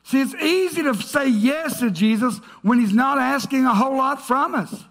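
A male pastor preaching a sermon to his congregation. He is emphatic, rises to shouts, then drops to a hush. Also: extremely high pitch, normal speed. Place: church stage before a congregation.

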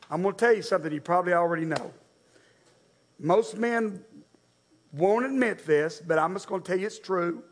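A man preaching a sermon as pastor, animated and talking straight to the congregation. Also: high-pitched, normal speed, pauses often. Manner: animated preacher, acts out voices, addresses men and ladies.

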